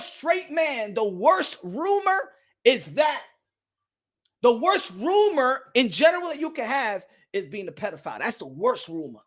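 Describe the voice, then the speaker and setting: A man hosting a boxing channel in casual reaction commentary, excitable and profane, laughing often and repeating himself. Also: extremely high pitch. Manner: repeats himself, bursts into yelps.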